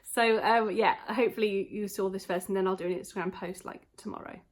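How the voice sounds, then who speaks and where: A woman's voice: mid-range voice, fairly even intonation. Rambling woman vlogging. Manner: rambling, talks in quick bursts, many fillers. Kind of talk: casual chatty vlog.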